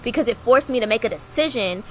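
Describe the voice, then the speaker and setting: A young woman co-hosting a podcast, telling a personal story in a chatty way, acting out the voices of people in it with big jumps in pitch. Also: fast talker, a little hiss or hum, rough recording. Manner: animated, acts out quoted dialogue with big pitch jumps; chatty, heavy use of "like" fillers. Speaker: podcast co-host.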